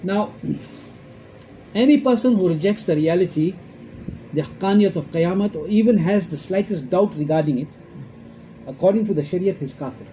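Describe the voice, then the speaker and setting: A man's voice: high voice, expressive, moderate pace, pauses often, dark tone, slight background noise, low-quality recording. A man giving an emphatic religious lecture, quoting Arabic verses and asking rhetorical questions. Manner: emphatic, repeats points, quotes Arabic verses. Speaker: Islamic scholar giving a talk.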